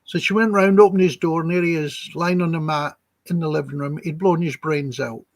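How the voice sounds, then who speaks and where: A man's voice: a little high, fairly even intonation, a little fast, no room sound. A man, a psychic healer guest in an interview, telling chatty anecdotes and acting out the dialogue he quotes. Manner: chatty, acts out quoted dialogue, chuckles between stories.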